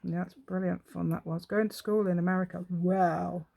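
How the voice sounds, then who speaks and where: A woman's voice: on the low side, steady tone, normal speed, vocal fry, mellow. An English woman hosting a craft tutorial, chatting casually with self-mocking, rambling asides and frequent laughs. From England. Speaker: craft channel host.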